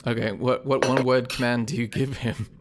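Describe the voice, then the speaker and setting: A man's voice: mid-range voice, fairly even intonation, normal speed, noisy background. Casual man running a tabletop game. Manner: laughing often, loose and casual. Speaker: game master.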